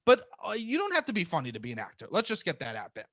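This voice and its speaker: A man co-hosting a podcast, telling profane, animated stories about auditions and laughing often. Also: sits high, very fast, no echo, studio quality. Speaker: podcast co-host, comedian. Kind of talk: casual storytelling chat.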